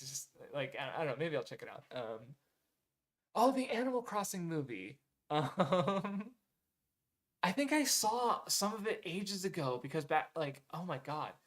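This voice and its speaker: A man with a somewhat high-pitched voice muses out loud to his audience in an easy, unscripted way. He wanders through his thoughts, filling gaps with "um" and "like" and backtracking to fix what he just said. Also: big pitch swings, normal speed. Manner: rambling, full of "um" and "like", self-correcting, casual swearing. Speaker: streamer reading viewer recommendations. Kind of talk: casual rambling chat.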